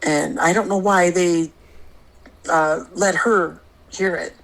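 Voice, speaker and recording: A woman's voice: lowish voice, steady tone, poor audio. A woman, a guest on the show, recounts a paranormal experience, stopping often to search for words and laughing between remarks. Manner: halting, searches for words with many fillers.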